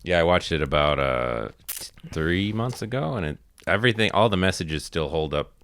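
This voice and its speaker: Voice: low-pitched, expressive, normal speed, a bit bright. A podcast co-host in casual chat, laid-back, giving brief replies and laughing a lot.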